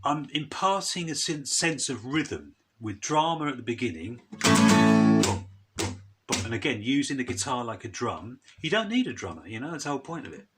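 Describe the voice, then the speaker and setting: Male guitar teacher, casual and chatty, mid-pitched, loud guitar underneath. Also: normal speed. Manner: chatty and relaxed, with loose restarts and asides. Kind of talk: casual spoken guitar lesson. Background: guitar strumming loudly.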